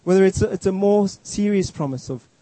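A man's voice: high voice, a little fast, dark tone, no echo, low-quality recording. A man preaching a sermon in an earnest, emphatic way, often restarting his words.

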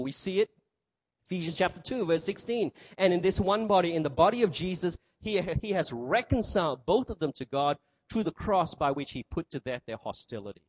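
Lively male pastor preaching, fairly high voice, keeps asking the room questions. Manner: animated preacher, asks the crowd rhetorical questions. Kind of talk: sermon.

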